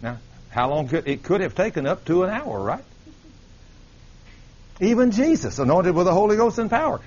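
Husky, animated man preaching. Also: sits high, normal speed, muffled recording. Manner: animated, questioning the congregation. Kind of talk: sermon.

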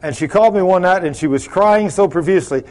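A man's voice: high voice, fast talker, darkish tone. A man preaching to his church, telling a testimony and acting out the voices in it, with frequent rhetorical questions to the congregation. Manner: asks the congregation rhetorical questions, acts out quoted dialogue. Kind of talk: sermon testimony storytelling.

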